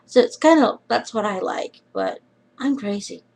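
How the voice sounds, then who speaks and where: A young woman chatting casually in a vlog, rambling and trailing off, often dropping into quiet mumbles. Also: mid-range voice, wildly swooping pitch, moderate pace, gravelly, poor audio. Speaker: vlogger.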